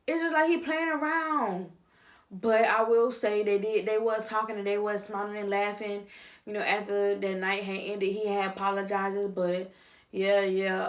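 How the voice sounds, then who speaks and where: A woman vlogger at a middle pitch riffs on a reality TV show in casual, slangy commentary. She speaks straight to her viewers. Her delivery swings from hushed asides to loud, animated bursts. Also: a little slow.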